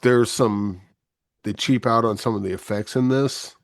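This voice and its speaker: Low, monotone male film reviewer. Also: unhurried, vocal fry, no echo, clean studio sound. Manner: low and monotone by his own account, laid-back. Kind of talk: casual film review podcast.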